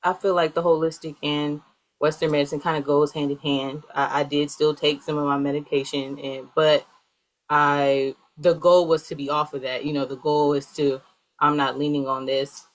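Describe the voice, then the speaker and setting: A woman's voice: deep voice, little pitch movement, moderate pace, low-quality recording. A young adult woman guest speaking in a casual interview, rambling with many fillers. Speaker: guest, healer.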